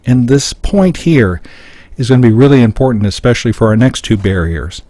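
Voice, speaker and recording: A middle-aged American man leads a live seminar, explaining the points on his slides one step at a time. His voice is fairly low and darkish in tone, he speaks fairly quickly, and there's no room sound.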